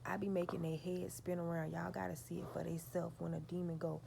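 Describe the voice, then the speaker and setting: Gravelly woman telling a story. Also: lowish voice, little pitch movement, fairly quick, dark tone, a little hiss or hum. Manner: profane, emphatic, talks straight to her audience. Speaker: vlogger. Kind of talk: storytelling to her viewers.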